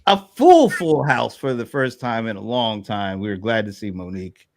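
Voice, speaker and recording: Lively, rambling man hosting a chat. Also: on the low side, moderate pace, creaky. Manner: relaxed, rambling with fillers and restarts. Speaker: host. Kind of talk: casual panel chat.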